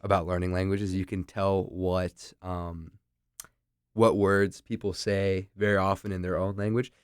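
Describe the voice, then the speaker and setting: A man's voice: deep voice, clear, resonant tone, dry recording, clean studio sound. A young man who teaches English, chatting easygoingly and enthusiastically as a podcast guest. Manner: enthusiastic, easygoing, laughs along. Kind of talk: casual podcast chat.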